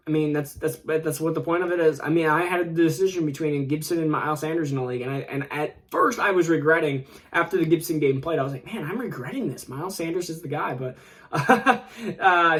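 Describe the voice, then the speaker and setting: A man hosting his own fantasy football show talks in a loose, rambling way. His voice sits a little high, and he often restarts sentences and chuckles as he goes. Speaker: fantasy football channel host. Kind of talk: casual solo commentary.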